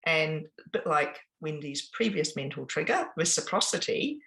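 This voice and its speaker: A woman giving an informal business presentation, chatty and pausing often with ums and restarts. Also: deep voice, sing-song, creaky, a bit bright, low-quality recording. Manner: conversational, with frequent ums and restarts.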